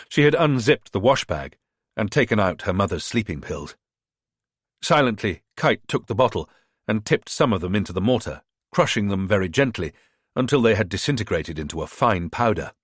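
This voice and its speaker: A man narrating a thriller audiobook in an expressive, measured way. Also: lowish voice, slightly rough, no room sound, clean studio sound. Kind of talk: scripted narration.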